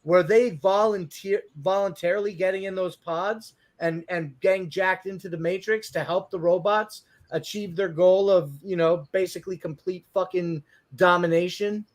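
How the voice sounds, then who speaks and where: A man's voice: high-pitched, moderate pace, hardly any pauses. A man co-hosting a casual podcast chat, rambling and swearing as he talks. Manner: rambling, profane, excitable. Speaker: podcast co-host.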